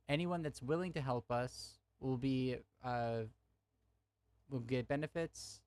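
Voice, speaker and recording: A man's voice: mid-range voice, slow, darkish tone, clear, resonant tone, no echo. A young man streaming a heated debate, arguing angrily with his chat and swearing often. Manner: angry, profane, talks to chat.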